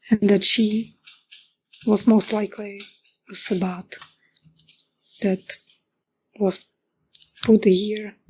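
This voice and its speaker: A woman's voice: mid-range voice, a little mellow, slightly rough, muffled recording. A woman player describing her character's actions in a tabletop game, hesitant and first-person. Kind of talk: casual in-character role-play.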